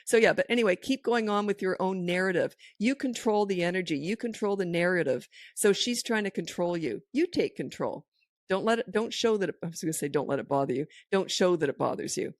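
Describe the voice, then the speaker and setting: A woman's voice: on the low side, expressive, brisk, no echo, studio quality. Firm, direct woman parenting coach. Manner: direct and firm, acting out the phrases parents should say. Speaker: parenting coach and podcast host. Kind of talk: answering listener questions on a podcast. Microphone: close studio microphone.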